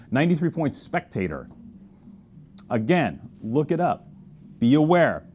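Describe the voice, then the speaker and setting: A man's voice: on the high side, big pitch swings, measured pace, long pauses, a little mellow, slight background noise. A man hosting a casual wine tasting review, talking enthusiastically with chatty asides and tasting murmurs. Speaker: wine merchant host.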